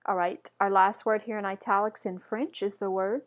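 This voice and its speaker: A woman gives a patient pronunciation lesson at a steady medium pitch. She pauses after each word so learners can repeat it, and she repeats herself calmly and clearly. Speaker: French pronunciation teacher. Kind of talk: instructional lesson. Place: indoors, camera off.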